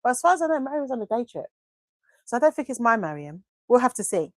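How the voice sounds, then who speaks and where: A woman's voice: on the high side, big pitch swings, fast talker, dry recording, clean studio sound. A woman hosting a live craft stream, chatting casually and gushing affectionately as she reads viewer comments aloud into a desk microphone. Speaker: craft livestream host.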